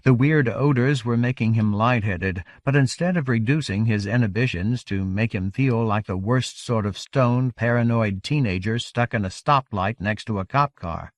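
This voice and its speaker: A man's voice: medium pitch, no room sound. Man reading a novel aloud, dry. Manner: measured, steady reading. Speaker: audiobook narrator. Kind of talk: scripted narration.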